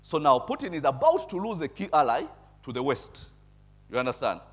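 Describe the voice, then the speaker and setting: Man preaching, talky, keeps going "eh?", chuckles, gets loud and punchy sometimes. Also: a little high, sing-song, fairly quick. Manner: conversational, tags remarks with "eh?"; chuckles at his own points. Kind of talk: sermon with bible reading and commentary.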